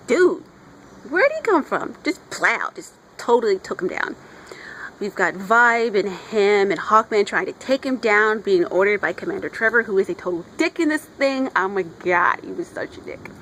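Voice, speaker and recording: A woman's voice: mid-range voice, fairly bright tone, a little hiss or hum, low-quality recording. A woman chatting casually outdoors as she reviews a comic, gushing like a fan and putting on voices for the characters.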